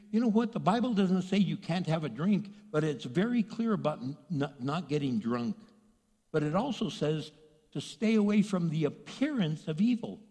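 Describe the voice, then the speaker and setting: A male pastor preaching a sermon, animated, asking rhetorical questions and acting out voices. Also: fairly high pitch, moderate pace, slightly rough, long reverb tail.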